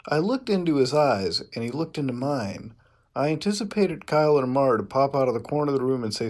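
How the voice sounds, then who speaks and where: A man's voice: medium pitch, expressive, normal speed. A man reading fan fiction aloud for comedy, breaking in with profane, exasperated asides. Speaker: YouTuber.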